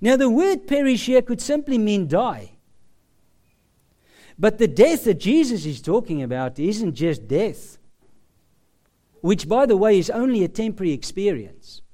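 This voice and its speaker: A male preacher delivers a sermon in a high, sweeping voice. He speaks slowly and emphatically. He leans on long, dramatic pauses. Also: big pitch swings, warm tone.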